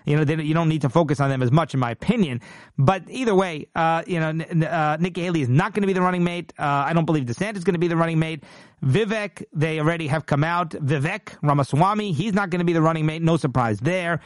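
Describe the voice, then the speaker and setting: High-voiced indignant man commentating. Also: fast talker, no echo, clean studio sound. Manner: emphatic, indignant, frequent restarts and mock-quoting voices. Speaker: political commentary host. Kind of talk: casual political commentary.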